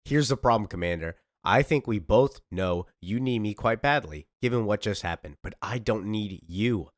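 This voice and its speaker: Commanding warrior heroine, firm, measured, man putting her on, lowish voice, dry sound. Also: dry recording, natural voice. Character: calm, commanding warrior woman hero.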